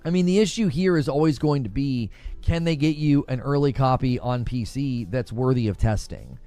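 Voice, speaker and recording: A man's voice: medium pitch, normal speed, mellow, faint music behind. A man talking casually on his own stream, hesitant and full of fillers, heard played back. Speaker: streamer being reacted to.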